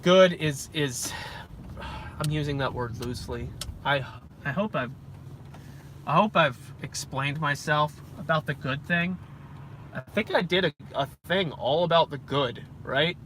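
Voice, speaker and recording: A young Christian vlogger with a voice on the high side muses aloud in a vehicle at a measured pace. His rambling monologue wanders and interrupts itself, and the rough recording is full of loud road and vehicle noise.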